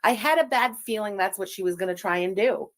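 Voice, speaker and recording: A woman's voice: medium pitch, a little fast. A woman whose first language is French hosts a live stream, commenting in a profane, mocking and scornful way. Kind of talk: casual commentary.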